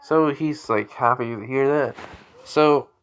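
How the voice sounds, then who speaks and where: A man's voice: medium pitch, takes it slowly, smooth. Tired young man rambling through a story. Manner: rambling, tired, sighs often. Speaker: fan storyteller. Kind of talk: improvised fan-fiction narration.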